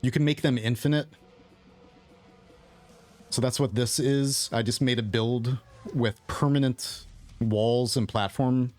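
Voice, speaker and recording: A man's voice: medium pitch, fairly even intonation, takes it slowly, long pauses, a little mellow, faint music behind. A man who is losing his voice, casually thinking aloud as he explains his gameplay as the host of a gaming video.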